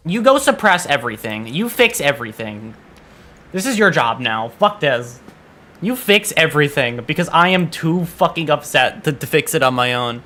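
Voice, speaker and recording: A man chatting on a game stream with a slightly high, bright and edgy voice. He sounds exasperated, swears freely and keeps restarting his sentences as he vents. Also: very animated, normal speed. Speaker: VTuber streamer. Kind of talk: casual gaming stream chat.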